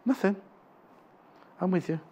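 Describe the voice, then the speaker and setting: Chatty man, fairly high voice. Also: a little slow, dark tone. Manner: chatty, rambling, self-correcting. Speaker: shopping channel presenter. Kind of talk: live TV selling chat. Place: TV studio.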